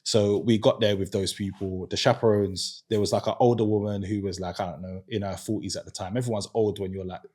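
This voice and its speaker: Guy, kinda low and husky, podcast guest telling a story, stops and restarts a lot. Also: steady tone, brisk, hardly any pauses, warm tone. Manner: earnest, hesitant storytelling with restarts. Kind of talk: casual chat.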